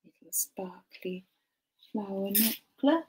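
A young woman casually chatting to a live stream while sorting jewellery, muttering soft asides to herself. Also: medium pitch, animated, slow pace, heavy background noise.

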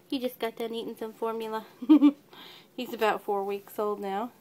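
A woman's voice: fairly high pitch, fairly even intonation, normal speed, warm tone. A woman who breeds cats, chatting casually in a home video and slipping into baby talk with her kitten. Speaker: cat breeder. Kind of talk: casual pet video chat.

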